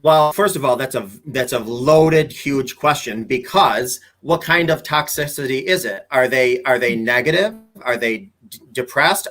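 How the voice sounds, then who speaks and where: A man's voice: fairly high pitch, fairly bright tone. A man, a relationship coach, explaining his ideas earnestly as a guest in a casual interview, often restarting his sentences.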